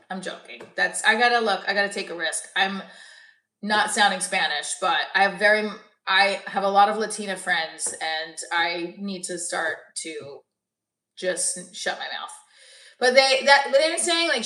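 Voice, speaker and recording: A woman's voice: medium pitch, animated, normal speed, sharp tone. A woman comedian chatting casually on a livestream, rambling and interrupting herself as she works out jokes. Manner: rambling, self-interrupting, jokey. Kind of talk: casual chat with live chat. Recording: echoey room, voice a bit far from mic.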